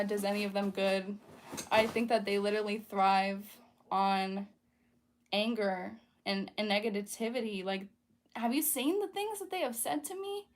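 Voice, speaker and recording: A young woman with a slightly high voice talks through a casual livestream. Her speech is chatty and earnest, full of fillers and restarts. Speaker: livestream host. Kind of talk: casual livestream chat while painting.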